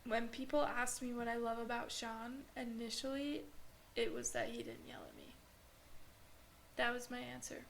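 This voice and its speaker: A woman with a fairly high voice talks as a podcast guest. She tells her story earnestly, leaning on "like" as she goes. A faint hiss sits under her voice. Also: lively intonation, normal speed, gravelly. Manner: earnest, filler-heavy storytelling with frequent "like". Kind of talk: casual podcast conversation.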